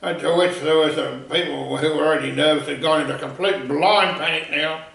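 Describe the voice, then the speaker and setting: A man telling a comic anecdote in a rambling, animated way. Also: a little high, fairly quick, gravelly. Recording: echoey room, voice far from mic.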